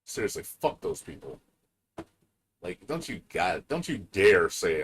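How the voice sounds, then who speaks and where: A man's voice: low voice, big pitch swings, moderate pace, a little hiss or hum. A man ranting on a gaming live stream, profane and heated, mocking other people in quoted voices. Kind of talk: casual gaming stream rant.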